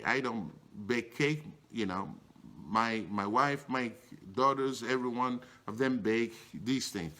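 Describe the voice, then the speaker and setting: A middle-aged man preaching a sermon in a conversational way, repeating phrases and filling pauses with "you know". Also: a bit bright. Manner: rhetorical refrains, swinging pitch up and down. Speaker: bishop preaching.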